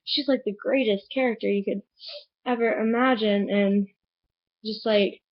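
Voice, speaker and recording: A woman's voice: mid-range voice, steady tone, measured pace, muffled recording. A woman reviewing a book in a casual vlog, rambling and chatty with lots of fillers.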